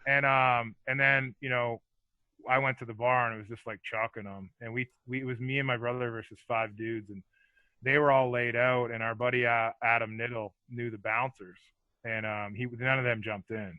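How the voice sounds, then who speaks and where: A middle-aged man, a former hockey enforcer, telling rambling, animated stories as a podcast guest. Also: medium pitch, moderate pace, dry recording, phone-quality sound. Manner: rambling, animated, lots of fillers. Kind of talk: casual storytelling.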